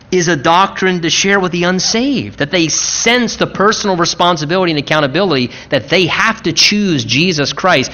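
A man preaching a sermon, with emphatic repetition, slowing down for stress and rushing through quick asides. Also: on the high side, sharp tone. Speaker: pastor.

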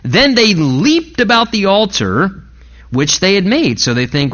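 A man's voice: a little slow, highs cut off. A male pastor preaching a sermon, retelling a story and acting out the speakers with big swings of voice. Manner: animated storytelling, acting out quoted speakers with big pitch jumps.

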